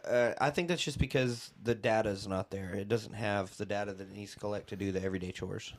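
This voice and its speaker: Animated male podcast co-host. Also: lowish voice, fast talker. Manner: animated, laughs often, trails off. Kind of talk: casual chat.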